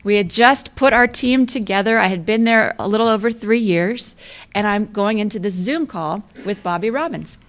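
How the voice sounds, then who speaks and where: A woman's voice: mid-range voice, moderate pace. A woman in her fifties giving a conversational, self-deprecating storytelling speech as an athletic director, often laughing at herself. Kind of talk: storytelling club luncheon speech.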